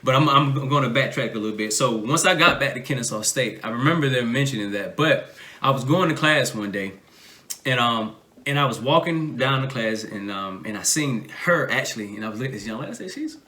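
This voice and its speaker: A Southern American man in his thirties tells a story in a relaxed, chatty way. His voice is bright and his pitch swings a lot. He acts out the quotes in a higher voice. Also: brisk. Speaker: podcast co-host. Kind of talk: casual storytelling chat.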